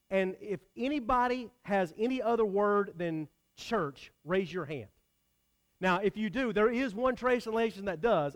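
A man preaching a sermon, talking directly with his congregation in a conversational way. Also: high voice. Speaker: pastor.

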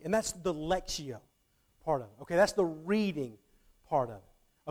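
A man with a fairly high voice for his sex, teaching the Bible in an easy, conversational way. He keeps checking in with his listeners and doubles back on words as he finds his phrasing. He sounds middle-aged and talks like a teacher leading a group. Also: lively intonation, normal speed, long pauses, darkish tone. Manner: checks in often with the audience, repeats words on restarts.

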